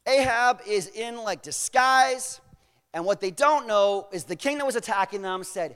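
High-voiced male pastor, casual storytelling sermon, long church-hall reverb. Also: lively intonation, unhurried, fairly bright tone, smooth. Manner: casual, paraphrasing with slang.

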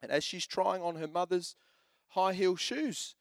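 A male pastor in his thirties preaching a sermon, animated and joking as he tells family stories and urges the men on. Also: high voice, unhurried, gravelly, no room sound, studio quality. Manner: animated, joking storyteller who shifts into exhortation.

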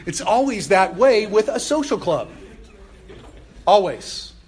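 A man preaching a sermon as pastor, conversational and animated, with laughs and exclamations. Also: sits high, slow, slight background noise.

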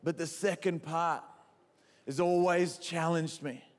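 Australian male preacher, fairly high voice, animated storyteller who works the crowd, echoey hall sound. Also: takes it slowly. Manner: animated, quizzes the crowd, self-mocking. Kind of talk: humorous sermon storytelling.

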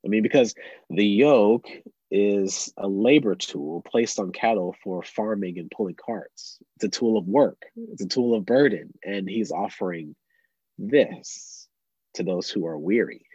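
Young male pastor, earnest sermon delivery, husky voice, dull dry recording. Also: lowish voice, a little slow, dry recording. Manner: earnest, drops to soft tones for emphasis.

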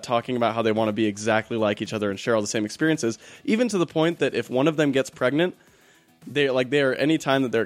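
A young man hosting a casual podcast, relaxed and storytelling with frequent laughs. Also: mid-range voice, no room sound. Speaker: podcast host. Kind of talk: casual chat.

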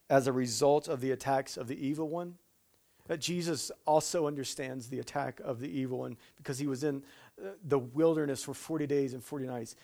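This sermon comes from a man with a mid-range voice and vocal fry who slips in humorous asides and stumbles, then restarts. On solemn points he slows down and goes quiet.

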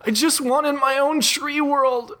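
A shrill sobbing tree blob monster. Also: male voice, fairly even intonation, takes it slowly, sharp tone, heavily acted. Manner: shrill, screaming and sobbing, whiny. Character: angry weepy tree blob monster, failed accountant.

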